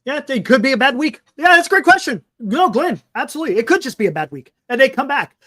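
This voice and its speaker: High-voiced man on sports talk. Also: big pitch swings, fast, sharp tone. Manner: chatty, reads out viewer comments, repeats himself. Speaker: sports talk show co-host. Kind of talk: casual sports talk with live chat.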